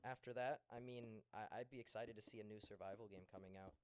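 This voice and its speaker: A man as a podcast guest, talking about games in a relaxed, laid-back way. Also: on the low side, fast. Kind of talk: casual podcast chat.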